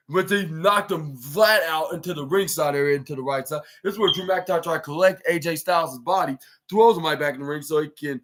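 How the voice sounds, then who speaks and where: Higher-voiced man recapping a match. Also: fairly bright tone. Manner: blow-by-blow retelling, acting out wrestlers' lines. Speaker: podcast host. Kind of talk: solo wrestling match recap.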